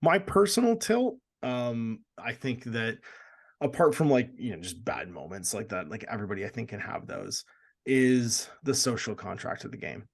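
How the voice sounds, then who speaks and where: A man from Canada co-hosting a casual gaming podcast, animated and laughing often as he acts out quoted lines. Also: medium pitch, normal speed, creaky, breathy edge. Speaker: podcast co-host.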